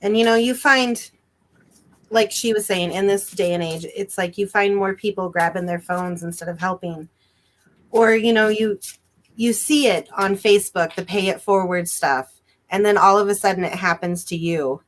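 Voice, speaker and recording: Reassuring woman giving a psychic reading. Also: medium pitch. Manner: reassuring, drawn-out emphatic phrasing. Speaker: psychic reader. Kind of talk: live-stream psychic reading.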